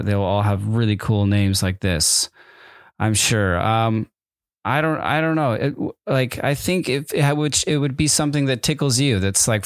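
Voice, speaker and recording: A man's voice: medium pitch, dry recording. A man in a mid-range voice chats casually as a podcast host, reading out listener messages. He rambles, trails off and restarts his thoughts often. The sound is dry and close. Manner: rambling, hesitant, self-interrupting with fillers.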